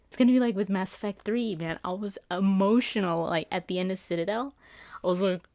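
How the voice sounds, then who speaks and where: A woman gaming YouTuber giving casual, excitable trailer commentary, rambling with frequent restarts. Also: mid-range voice, a little fast, no echo. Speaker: gaming YouTuber doing Let's Plays.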